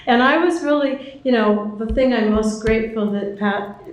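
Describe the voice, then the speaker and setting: A woman's voice: on the high side, moderate pace. An older woman sharing her recovery story at a meeting, chatty and self-deprecating, laughing often, with many ums. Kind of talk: personal recovery talk. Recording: very echoey hall with faint noise.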